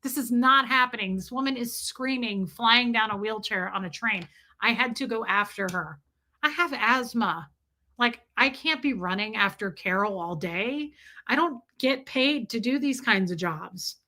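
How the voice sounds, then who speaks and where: A woman's voice: a little high, a little slow. A woman hosting a casual livestream, ranting and telling stories with lots of swearing and talking straight to her chat. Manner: animated, profane storytelling; talks to chat directly. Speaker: livestream host.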